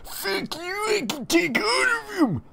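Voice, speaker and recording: Screechy loud teen boy, yells everything in a strained falsetto. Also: very animated, takes it slowly, gravelly, a crowd in the background, full character voice. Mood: furious. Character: loud, brash teenage boy who screams everything.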